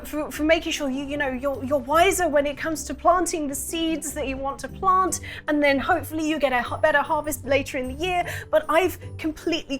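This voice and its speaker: A woman voicing a flustered, bustling female moth-like baker who stammers and rushes her words in a tabletop game. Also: high voice, a bit bright. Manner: flustered, stammering, breathless rush. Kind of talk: tabletop role-play voicing.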